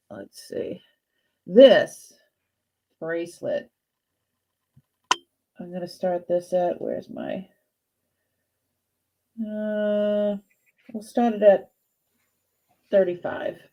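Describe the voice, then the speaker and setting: A Boston-accented woman in her fifties hosts a casual live jewelry sale, showing off pieces and greeting viewers in a chatty but hesitant way. Her mid-range voice is mellow, and the stream audio is dull and lo-fi.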